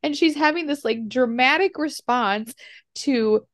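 A middle-aged woman, a mother, telling a family story in casual chat over a video call, animated and laughing often. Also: high voice, a little slow. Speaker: podcast co-host, mother.

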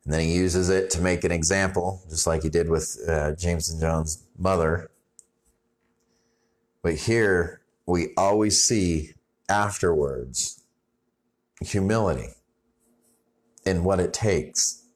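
A man preaching a sermon in a conversational way, often restarting his sentences. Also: deep voice. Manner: conversational, halting restarts, rising intensity when reading scripture. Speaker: pastor.

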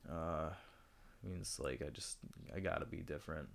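A man's voice: a bass voice, normal speed, creaky. A young man from Michigan, a podcast guest rambling in casual chat with a lot of profanity and jokes. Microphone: studio podcast mic.

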